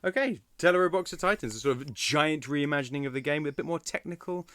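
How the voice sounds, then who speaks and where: A man co-hosting a podcast in casual chat, playful and quick to joke. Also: on the high side, fairly bright tone, no room sound. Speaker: podcast co-host.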